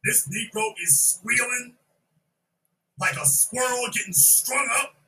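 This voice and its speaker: A man hosting a podcast, loudly riffing on a video he is watching, repeating lines and shouting his jokes. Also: very high voice, lively intonation, slow pace, far from the mic, low-quality recording. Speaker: podcast host. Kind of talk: loud comedic video commentary.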